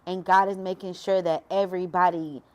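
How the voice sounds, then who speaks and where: A woman's voice: on the low side, level tone, a little fast, a little mellow, slight background noise. Woman vlogger, heartfelt testimony, preaches as she talks. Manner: emotional, preachy, addresses viewers as y'all. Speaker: faith vlogger. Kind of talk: personal testimony talk.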